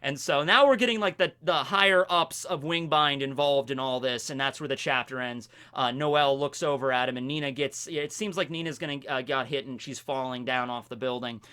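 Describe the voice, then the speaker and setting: A young man hosting a video, casually recapping a manga chapter in an animated, rambling way. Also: medium pitch, a little fast, few pauses, smooth. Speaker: video host reviewing a manga. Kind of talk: casual chat.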